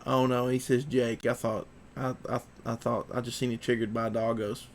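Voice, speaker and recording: Gravelly man chatting on stream. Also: mid-range voice, little pitch movement, moderate pace, slight background noise. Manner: rambling, reads viewer comments aloud. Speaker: livestream podcast host. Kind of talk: casual livestream chat.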